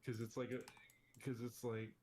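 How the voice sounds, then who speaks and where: A man's voice: medium pitch, level tone, normal speed, darkish tone, a little hiss or hum. A man in casual chat, laid-back and offhand as he talks about his car.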